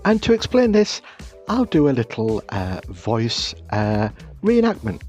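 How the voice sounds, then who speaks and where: British male host, dry self-mocking wit, animated delivery, voice-over for a craft build video. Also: mid-range voice, a little slow, faint music behind. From Britain. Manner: wry, self-deprecating humor. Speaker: scratch-build hobby channel host.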